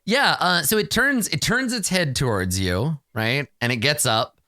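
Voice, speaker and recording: Lively-voiced man running a tabletop game. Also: on the high side, measured pace, no room sound, clean studio sound. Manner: chatty, rambling, laughs often. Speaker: game master.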